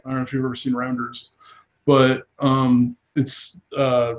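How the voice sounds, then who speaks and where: A man's voice: medium pitch, completely flat delivery, measured pace, rough recording. A young man co-hosting a casual podcast, rambling about movie lines with frequent laughs and restarts. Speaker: podcast co-host. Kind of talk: casual chat.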